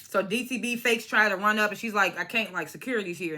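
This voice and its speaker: A woman's voice: mid-range voice, quick pace, pushed and bright. A young woman giving a blunt, profane, opinionated recap of a reality show episode, often imitating the cast members. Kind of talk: casual reality show review.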